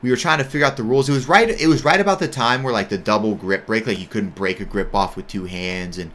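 Deep, bright-toned American man telling his story. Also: quick pace. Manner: candid, rambling, heavy use of "like" and "right?". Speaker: judo athlete sharing his experience. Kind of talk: casual storytelling monologue.

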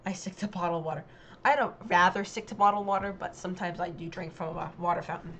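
A woman's voice: lowish voice, steady tone, quick pace, a bit bright, a little hiss or hum. A woman vlogger giving casual commentary on a dialect quiz, chatty and hesitant, with many ums and self-corrections.

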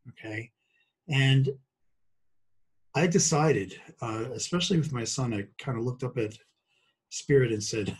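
A man's voice: mid-range voice, unhurried, breathy edge, poor audio. A man in his sixties from Brooklyn, a guest doctor talking about his practice in a chatty, joking way with many fillers. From Brooklyn, New York. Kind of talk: casual talk.

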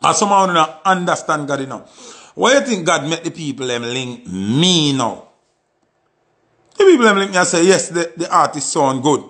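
A man's voice: on the high side, animated, moderate pace, fairly bright tone. A man with a Jamaican accent delivering an impassioned, pleading monologue with lots of repetition. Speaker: artist giving commentary.

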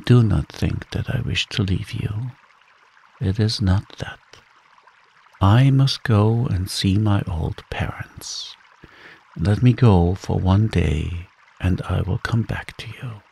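An earnest, dutiful young fisherman speaking politely, voiced by a man reading a storybook. The voice is low and gravelly, with a very husky, breathy grain and an unhurried pace. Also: dark tone, full character voice. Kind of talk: calm bedtime story reading.

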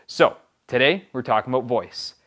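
Man, young adult, upbeat emphatic coach, mid-pitched voice, video tips talk. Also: normal speed, fairly bright tone. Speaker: video production host.

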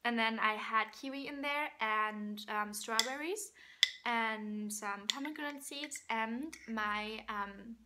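A woman's voice: a little high, slow pace, heavy background noise. A young woman chatting casually in a vlog, giggling often and talking while she eats, tired from a sleepless night. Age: young adult. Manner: giggly, chatty, laughs often between sentences; talks while eating. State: underslept and tired. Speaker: vlogger.

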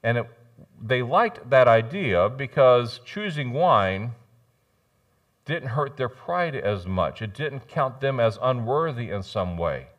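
A male pastor with a drawl delivers a lively sermon in a church. His voice sits at a mid pitch and swings from booming emphasis to hushed asides, with a wry, joking touch. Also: slow. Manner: animated, jokey preaching with sudden loud rises and soft drops. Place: church sanctuary.

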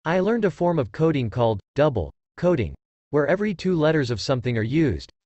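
Eager schoolgirl ninja voiced by a man, lively pitch, dry sound. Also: a little fast, no room sound, muffled recording. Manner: eager, explaining. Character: clever schoolgirl ninja, excited.

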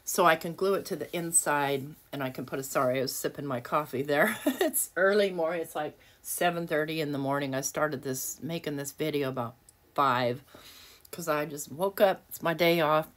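A woman's voice: low voice, moderate pace. A woman hosting a casual crafting tutorial at her home desk, chatty and self-deprecating, often laughing at herself. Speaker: craft video host.

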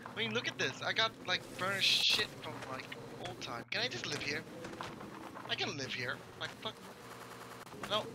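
Lively, swearing young-sounding man gaming. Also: sits high, moderate pace, pauses often, heavy background noise. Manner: profane, swearing often; jokey, reacting aloud to a horror game. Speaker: gaming YouTuber. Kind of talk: casual Let's Play commentary.

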